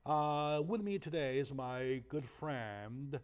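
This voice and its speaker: A man's voice: medium pitch, expressive, slow pace, clean tone. Host role: man, Chinese native speaker, punchy rhetorical delivery, keeps asking "right?". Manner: emphatic, asks rhetorical questions, frequent "right?". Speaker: talk show host. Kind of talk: animated interview talk.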